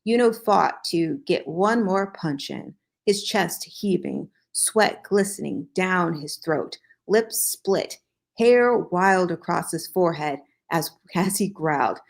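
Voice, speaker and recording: Woman host, lowish voice, unhurried dramatic read-aloud with wry asides. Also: animated. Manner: slow, dramatic reading with joking asides. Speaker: host reading fan fiction aloud. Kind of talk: casual reading aloud with asides.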